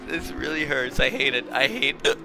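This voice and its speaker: Speaking with vocal fry at a medium pitch, a young sim racing commentator battles hiccups mid-broadcast. Between calls he gets flustered, says sorry, and laughs at his own expense.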